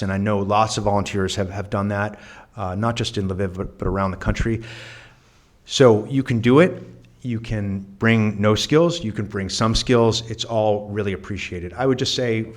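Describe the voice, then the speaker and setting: A man talks through his answers in a casual interview. His delivery is earnest and reflective, full of small restarts. His voice sits a little low. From New York. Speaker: guest, volunteer.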